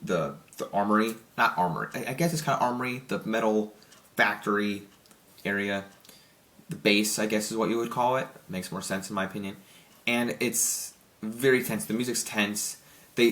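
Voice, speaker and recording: A young man reviews a film in a loose, excited ramble, tripping over his words and restarting sentences. His voice sits a little low. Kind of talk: casual spoken movie review.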